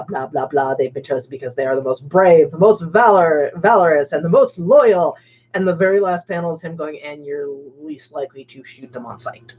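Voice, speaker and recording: A woman's voice: deep voice, darkish tone. A woman hosting a livestream, chatting casually with many fillers and laughs. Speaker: stream host. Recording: dull lo-fi stream audio.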